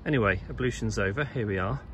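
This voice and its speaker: A man chatting casually through a travel vlog, explaining each step of the trip in a relaxed, chatty way. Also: fast talker, slight background noise. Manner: chatty, talks to the dog in an excited higher voice. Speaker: vlogger.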